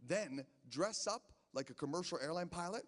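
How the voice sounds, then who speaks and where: A man's voice: high voice, lively intonation, moderate pace. A man doing a rambling stand-up set in a casino, stammering through restarts. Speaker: stand-up comedian. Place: casino stage. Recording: long hall reverb from a live venue.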